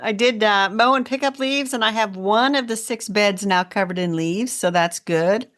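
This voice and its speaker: A woman from Indiana co-hosting a casual gardening podcast, telling stories in a chatty, animated way. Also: medium pitch, moderate pace. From Indiana, USA. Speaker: podcast co-host.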